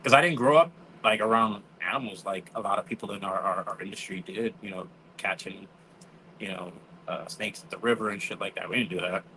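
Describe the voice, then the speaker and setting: A man's voice: fairly low pitch, brisk, pushed and bright, slight background noise, low-quality recording. A man, telling stories in casual chat, acting out quotes and swearing freely. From New York. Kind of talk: casual storytelling.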